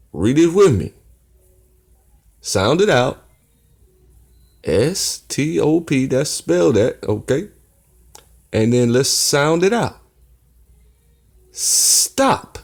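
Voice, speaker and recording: A man's voice: on the high side, creaky, darkish tone. A man hosting his own channel, teaching viewers in a casual livestream and peppering them with rhetorical questions. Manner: teasing, talks straight to chat viewers. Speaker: channel host.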